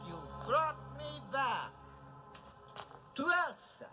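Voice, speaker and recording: An actor playing a man brought back after decades of sleep, brooding and vengeful, delivering his lines slowly with drawn-out words in a horror film. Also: extremely high pitch, sing-song, over music, full character voice. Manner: slow, drawn-out, swooping delivery. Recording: film soundtrack with loud score.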